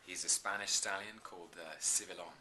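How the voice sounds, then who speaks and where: Low-voiced, bright-toned earnest man. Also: fairly even intonation, a little fast, a little hiss or hum. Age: 30s. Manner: earnest, effusive, with many restarts and ums. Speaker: actor, interview guest. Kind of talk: casual interview chat.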